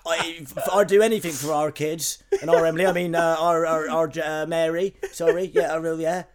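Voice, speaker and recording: A man's voice: fairly high pitch, fairly even intonation, brisk. A man in casual comedic chat, swearing and ending on tag questions.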